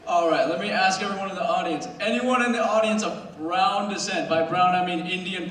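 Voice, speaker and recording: Teen boy comic, slightly high voice, rambling self-mocking stand-up, booming hall sound from afar. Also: moderate pace, hardly any pauses, a bit bright. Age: teens. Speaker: student stand-up comedian. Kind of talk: stand-up comedy set. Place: school auditorium stage. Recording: very echoey hall recorded from far off.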